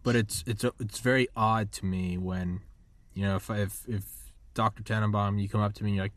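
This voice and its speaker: A man in his thirties hosting a podcast, rambling and animated as he acts out quotes in casual chat. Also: lowish voice, fast talker, no echo. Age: 30s. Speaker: podcast host.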